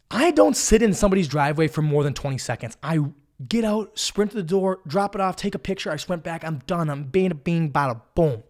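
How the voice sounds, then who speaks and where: A man tells a story in a comic podcast monologue, animated and excitable. He swears freely. His pitch leaps high and drops low all the time. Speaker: podcast host.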